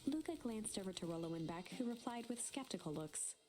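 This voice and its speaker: A woman giving measured, scripted storybook narration for a game. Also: medium pitch, expressive, a crowd in the background.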